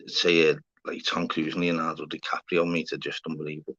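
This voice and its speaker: Livestream host, Scouse man, very low pitch, chatty and sweary, dull lo-fi audio. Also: flat delivery, quick pace, hardly any pauses, fairly bright tone. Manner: chatty, swears casually, calls viewers mate and fella. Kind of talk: casual livestream chat with viewers. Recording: slightly dull lo-fi sound.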